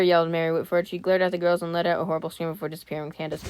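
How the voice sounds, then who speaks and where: A woman's voice: lowish voice, flat delivery, racing, hardly any pauses, darkish tone, slight background noise. A woman reading a scary story aloud for her channel, often stopping to joke, comment and apologize before going on. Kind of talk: casual read-aloud with chatty asides.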